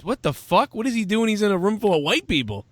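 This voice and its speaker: Loud, excitable man with a bright, lively voice. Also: sits high, quick pace, background noise. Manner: loud, swearing, laughs hard and mimics people. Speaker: podcast co-host. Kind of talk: casual chat reacting to a video.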